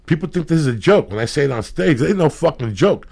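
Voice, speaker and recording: A man hosting a podcast, telling profane comedic stories in rambling anecdotes with loud bursts of emphasis. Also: fairly high pitch, expressive, quick pace, vocal fry. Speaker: podcast host.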